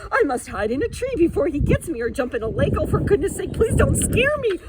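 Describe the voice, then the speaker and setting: A woman's voice: high-pitched, expressive, slow pace, heavy background noise, voice pushed up. A woman voicing a big fretful male elephant, with a wailing, anxious, pleading manner. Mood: panicked.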